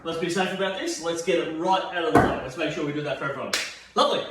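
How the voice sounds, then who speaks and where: A fast-talking Australian instructor with a slightly high voice leads a seated exercise session, encouraging participants brightly, calling out rep counts and growing breathless. The audio is very noisy, recorded from a distance in a very echoey room.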